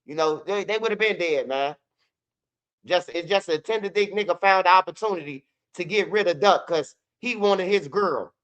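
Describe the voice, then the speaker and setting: A commentary channel host with a high, slightly bright voice talks at a moderate pace. He rants bluntly and loosely about street news, swearing freely, repeating himself, and mocking rap lines by performing them.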